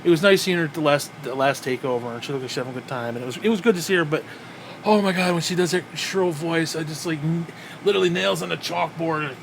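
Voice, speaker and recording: A man's voice: a little high, quick pace, gravelly, a little hiss or hum. A man ranting in a wrestling review, profane and exasperated, with frequent sighs.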